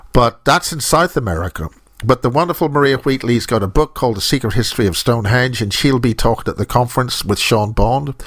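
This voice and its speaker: A middle-aged man talking as a radio host at a middle pitch, close on a studio microphone. His monologue is jokey and digressive, full of asides that break off mid-thought. The sound is dry, with no room echo. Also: a bit bright. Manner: jokey, digressive, self-interrupting.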